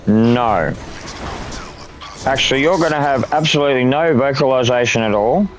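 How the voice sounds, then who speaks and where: A man's voice: medium pitch, moderate pace, a little hiss or hum, close to an everyday voice. A man voicing an offhand male afterlife gatekeeper who hands out rebirths, in a curt, matter-of-fact way.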